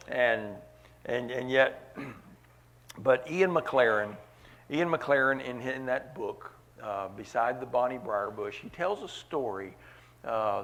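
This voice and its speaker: A man's voice: medium pitch, a bit bright. A man preaching a sermon at a church meeting, earnest, repeating key phrases for weight.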